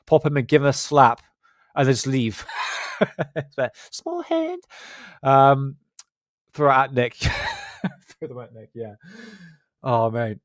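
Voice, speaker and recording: This male livestream host from Southwest England speaks slowly in a sing-song, medium-pitched voice, pausing often. His West Country accent carries casual, self-mocking chat, recorded dry with no room sound.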